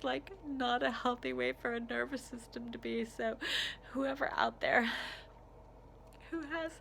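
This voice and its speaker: A woman's voice: a little high, creaky, a bit bright, a little hiss or hum. An American woman crying as she makes an emotional, rambling plea in a vlog. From United States. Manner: tearful, pleading, rambling with restarts. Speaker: vlogger. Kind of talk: emotional personal plea to camera.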